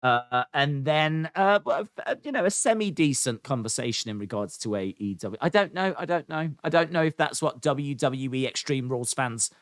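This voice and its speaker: Man, podcast co-host, rambling and self-deprecating, dry close mic, mid pitch. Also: expressive, moderate pace, few pauses, no room sound. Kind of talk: casual podcast chat.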